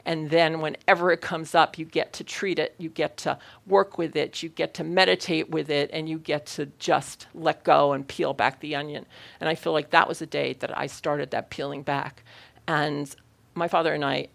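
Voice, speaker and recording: A woman's voice: low voice, steady tone, moderate pace, vocal fry, fairly bright tone. A middle-aged woman minister giving a Sunday sermon, telling a personal story in an earnest way and laughing often.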